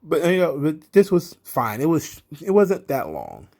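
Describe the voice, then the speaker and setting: A man's voice: a little high, huge pitch swings, measured pace, a little mellow. A man giving a casual, sarcastic recap of a wrestling show, swearing often and speaking bluntly. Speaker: wrestling commentary host.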